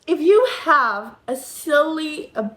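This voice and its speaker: A woman's voice: high-pitched, slow pace. A young woman telling a candid, profane storytime to her channel, in a casual vlog monologue. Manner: candid, profane, animated retelling. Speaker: vlogger. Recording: echoey room.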